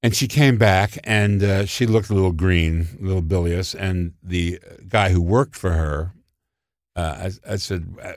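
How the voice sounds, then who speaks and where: A man telling show-business stories in casual conversation, animated and theatrical, acting out quotes. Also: sits low, normal speed, no room sound, studio quality. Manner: animated, theatrical storyteller who acts out quotes. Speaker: guest storyteller.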